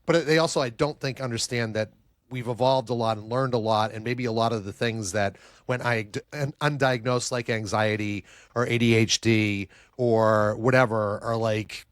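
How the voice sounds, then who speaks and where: A man's voice: mid-range voice, steady tone, moderate pace, dry recording, clean studio sound. A man from Boston hosting a podcast interview, asking enthusiastic, long-winded questions. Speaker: podcast host.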